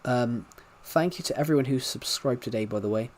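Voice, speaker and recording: A man's voice: medium pitch, brisk, a little mellow, slight background noise. Rambling man chatting on a game stream. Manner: rambling, chatty, talking to chat. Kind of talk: casual livestream chat.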